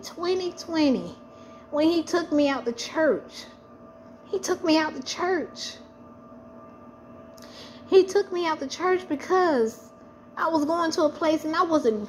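A woman's voice: high-pitched, a little hiss or hum. A woman sharing a personal faith testimony, speaking earnestly and repeating phrases for emphasis.

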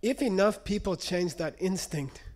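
A man's voice: high-pitched, lively intonation, measured pace, darkish tone. A man giving a live lecture to an audience, teaching in a conversational way and checking in often with "okay?". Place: lecture room.

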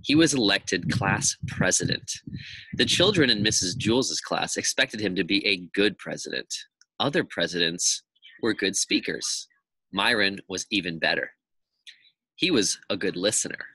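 A man, a teacher, reading a children's chapter book aloud to his class in a lively, expressive storytelling manner. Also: low voice, normal speed, breathy edge, no room sound.

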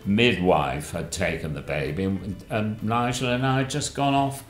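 An older man telling rambling anecdotes in a plummy way, often bursting into animated voices. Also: lowish voice, moderate pace. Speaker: guest, father of the host. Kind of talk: anecdotal storytelling chat. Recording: roomy with faint music.

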